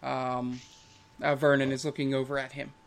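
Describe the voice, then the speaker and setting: A man's voice: mid-range voice, level tone, normal speed, creaky, a little hiss or hum. A man running a tabletop game as game master, talking casually with plenty of fillers. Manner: casual, rambling with many fillers.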